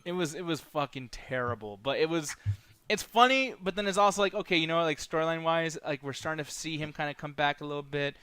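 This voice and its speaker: A man's voice: fairly high pitch, fast, bright, forceful tone, smooth, dry recording. A man co-hosting a podcast, chatting casually in a rambling, profane way with lots of fillers. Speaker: podcast co-host. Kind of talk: casual chat.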